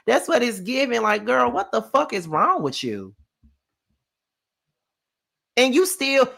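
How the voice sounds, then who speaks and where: A man hosting a casual live recap of a reality show, animated and profane, talking back at the people on screen. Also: very high voice, measured pace, gravelly, long pauses, slightly rough.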